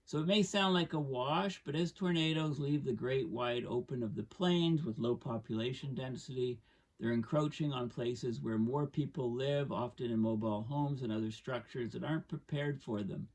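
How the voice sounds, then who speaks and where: A man's voice: mid-range voice, normal speed, darkish tone, far from the mic. A man casually explaining climate science over charts, thinking aloud with fillers and bursts of emphasis.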